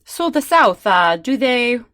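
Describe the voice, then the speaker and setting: A woman with a high, bouncy voice teases her partner and plays along with the comedy bit. Her pitch swings widely as she talks. The recording is dry and close, with no room sound. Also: very animated, takes it slowly, fairly bright tone, no room sound. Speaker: podcast co-host. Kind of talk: improvised comedy chat.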